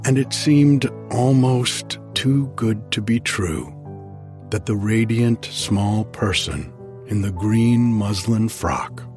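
A man narrating an audiobook in a measured, expressive storytelling manner. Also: fairly low pitch, soft background music.

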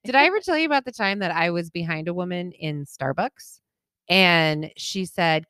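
A woman co-hosting a casual chat, teasing and quick to laugh. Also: lowish voice, lively intonation, pushed and bright, clean tone, no echo, clean studio sound. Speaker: podcast co-host.

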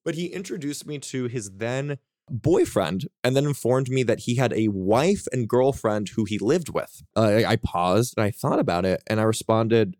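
A man's voice: lowish voice, expressive, darkish tone, dry recording, studio quality. Profane, frank man telling his story. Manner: profane, frank, quick asides and self-mocking. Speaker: podcast guest, author. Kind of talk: casual candid storytelling.

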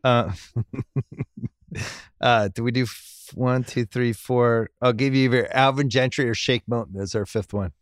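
A man's voice: medium pitch, steady tone, measured pace, no echo, clean studio sound. A middle-aged man hosting a casual sports podcast, teasing and joking with his guest. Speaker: podcast host.

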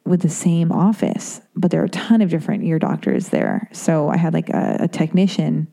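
A young woman hosts a podcast and tells a winding personal story. Her voice sits low and mellow. She swears a lot and pokes fun at herself as she goes. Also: fairly even intonation, normal speed, gravelly. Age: young adult. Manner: rambling, profane, self-mocking. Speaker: podcast host. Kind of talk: casual storytelling monologue.

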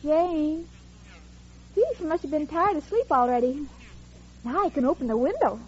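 A naive young roommate in a 1940s radio comedy, her voice pitched very high and innocent. She is wide-eyed and scatterbrained. The broadcast sound is dull and lo-fi, with faint hiss. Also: lively intonation, moderate pace.

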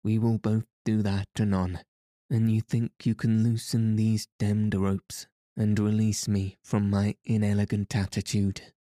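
A man's voice: lowish voice, monotone, unhurried, dark tone, dry recording, clean studio sound, natural voice. A man voicing a foppish aristocratic husband with a sleepy, affected drawl, in a storybook reading. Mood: good-humoured.

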